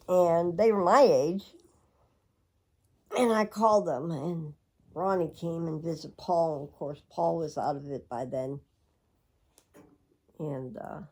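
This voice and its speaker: This middle-aged vlogger's voice sits low and sounds mellow. Her personal story for viewers is rambling and reflective, punctuated by frequent laughs.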